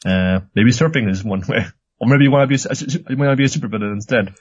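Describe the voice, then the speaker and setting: A man's voice: medium pitch, fast, no room sound, lo-fi sound. A man co-hosting a casual podcast about a cartoon series, joking with mock-serious asides. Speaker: podcast co-host. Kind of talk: casual anime review chat.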